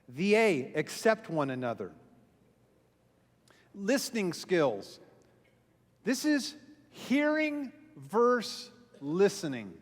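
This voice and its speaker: A man, a pastor, telling a self-mocking story to a church audience and acting out the voices he quotes. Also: a little high. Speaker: pastor and small group speaker. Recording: long hall reverb from a live venue.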